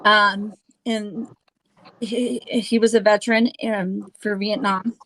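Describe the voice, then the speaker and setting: A woman hosting a casual true-crime chat, halting with fillers and restarts and dropping sarcastic asides. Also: mid-range voice, little pitch movement, fairly bright tone, no echo, rough recording. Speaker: host.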